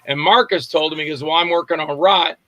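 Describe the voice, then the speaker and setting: An older man from Florida tells long, winding stories in a casual interview. His voice sits a little high and sounds bright and forceful. He acts out the other people in his tales, and the recording is close and dry. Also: fairly quick, no room sound, highs cut off. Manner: rambling storyteller acting out quotes. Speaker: guest actor and filmmaker.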